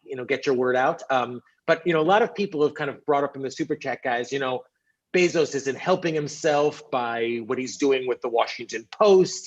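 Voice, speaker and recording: A man's voice: on the high side, dull audio. A man co-hosting a casual online panel show, chatty and upbeat with many fillers. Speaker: co-host.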